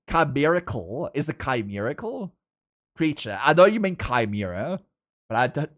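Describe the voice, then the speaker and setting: A man streaming live and chatting with his viewers, laughing often. His voice sits a little high and swings widely in pitch. He reacts to chat quickly and keeps the tone loose. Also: very animated, fairly bright tone. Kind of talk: casual live-stream chat while drawing.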